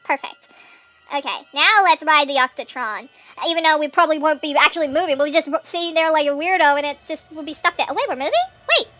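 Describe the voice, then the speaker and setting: High bright sped-up woman gamer. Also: quick pace, faint music behind. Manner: chatty, thinking aloud with frequent laughs and fillers. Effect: sped-up nightcore pitch shift. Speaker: gameplay streamer. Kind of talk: gameplay commentary.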